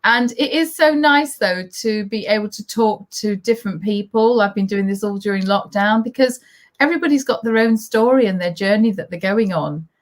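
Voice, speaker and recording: A woman hosts a live online conversation. She is encouraging and affectionate with her guest and thanks her viewers for their comments. Her voice sits in a middling pitch. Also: normal speed. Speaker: host. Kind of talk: online interview chat.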